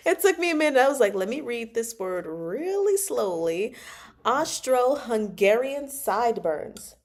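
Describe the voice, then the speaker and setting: A woman's voice: mid-range voice, a little mellow. A young adult woman hosting a casual book chat, playful and laughing often as she reacts to a novel. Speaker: book club host reading and reacting.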